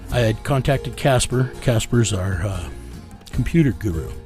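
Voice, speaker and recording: A man's voice: mid-range voice, lively intonation, a little slow, a little mellow, faint music behind. A man telling a story in an interview. He rambles in a casual, profane way and keeps acting out conversations with "I said" and "he goes.". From United States. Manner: rambling, profane, reenacts dialogue with repeated "I said". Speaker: interviewee, vigilante team leader.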